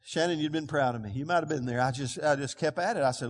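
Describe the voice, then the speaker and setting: A man preaches from the pulpit, his voice sitting high for a man. He calls out for answers from the congregation and moves between booming declarations and hushed asides, while a long reverb from the big church hall trails every phrase. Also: fast, few pauses. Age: 60s. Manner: preaching with call-and-response, swinging between loud proclamations and quiet asides. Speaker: pastor. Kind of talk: sermon. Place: church sanctuary.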